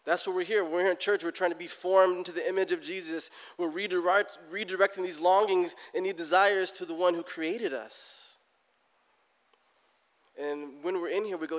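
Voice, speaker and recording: Animated pastor preaching in a church hall. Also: male voice, fairly high pitch, moderate pace, clean tone. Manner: animated, rises loud for emphasis, acts out prayers. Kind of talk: sermon.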